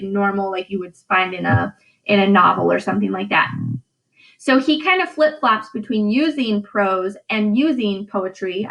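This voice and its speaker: A woman teaching a recorded high school English lesson, chatty, checking in often with "okay" and "right". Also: a bit bright, poor audio. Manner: sounds out stress patterns aloud.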